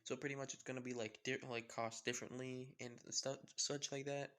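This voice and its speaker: A man's voice: mid-range voice, little pitch movement, brisk, fairly bright tone. A man casually improvising a fan story, rambling with many fillers and some swearing.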